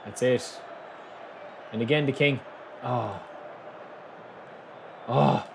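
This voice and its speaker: A man streaming a football video game live, thanking viewers and shouting excitedly at his players. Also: medium pitch, extremely slow, creaky, some chatter behind, a little hiss or hum. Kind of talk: live gaming commentary.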